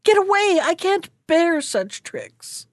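A woman's voice: a little high, sing-song, a little slow, no room sound, studio quality, full character voice. Woman voicing an angry, scornful market mother. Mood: horrified. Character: market woman mother, middle-aged, grieving and harsh.

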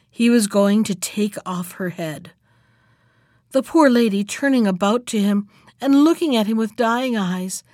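A woman reads a classic fairy tale aloud in a measured, steady narration. Her voice is on the higher side and recorded dry and close, with no room around it. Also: dry recording.

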